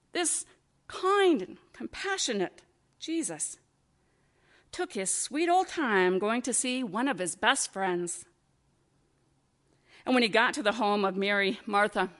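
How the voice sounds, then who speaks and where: A woman pastor giving a sermon, with slow, expressive preaching and rhetorical questions. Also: fairly high pitch.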